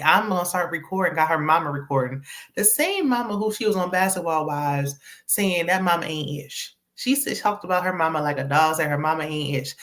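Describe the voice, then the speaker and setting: A young adult woman hosts casual commentary in a slightly low voice. She talks in an opinionated, chatty way and laughs often. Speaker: host.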